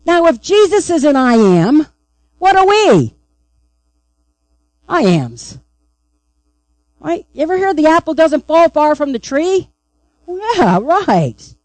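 A woman's voice: high-pitched, very animated, slow, pauses often, darkish tone, no room sound, poor audio. A woman pastor preaching a sermon, emphatic and repeatedly asking the congregation "right?".

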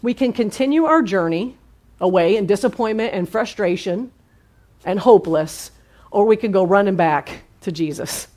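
A woman's voice: medium pitch, normal speed. Lady pastor preaching casual style, chatty, keeps asking the crowd right?. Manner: lively, asks the audience questions. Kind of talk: conversational sermon.

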